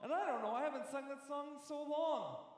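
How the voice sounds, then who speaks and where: A man's voice: very high-pitched, fairly quick. Man preaching in an echoey hall. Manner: heartfelt, rambling, repeats words, rises to fervent praise. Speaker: pastor. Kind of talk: sermon. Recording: very echoey hall with long reverb.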